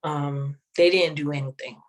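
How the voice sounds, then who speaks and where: A woman sharing a personal testimony in an interview, speaking in a measured, reflective way with many pauses. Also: deep voice, steady tone, low-quality recording. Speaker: guest sharing her testimony.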